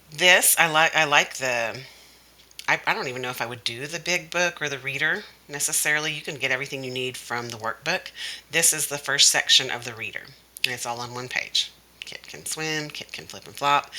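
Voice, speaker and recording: A woman's voice: very deep voice, pushed and bright, rough recording. A woman teaching kindergarten, walking through a workbook step by step and sounding out letter sounds as she explains. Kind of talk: instructional workbook walkthrough.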